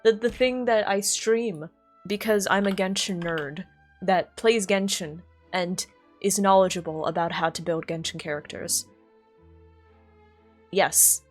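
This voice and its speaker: A woman streamer talking casually to her chat in a playful, self-mocking way, lower in energy than usual. Her voice sits at a middling pitch, with soft music playing faintly underneath. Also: a little slow.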